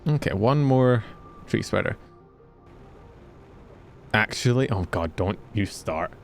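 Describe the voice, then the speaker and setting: A man's voice: lowish voice, animated, takes it slowly, creaky, faint music behind. A Scottish man streaming a game, chatting casually with his viewers, joking and swearing freely as he plays. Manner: chatty, joking, swears freely, talks to chat while playing.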